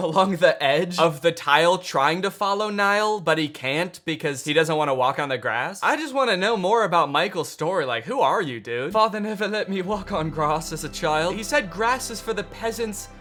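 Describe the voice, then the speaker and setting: A man's voice: a little high, sharp tone. A young man doing comedic commentary over a video clip, sarcastic and mocking. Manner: sarcastic, mocking asides and silly put-on voices. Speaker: commentary YouTuber.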